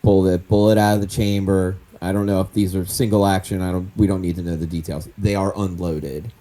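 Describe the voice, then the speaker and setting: A man's voice: deep voice, level tone, brisk, dark tone. A man playing a tabletop role-playing game, decisive and laying out his plans step by step. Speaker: player.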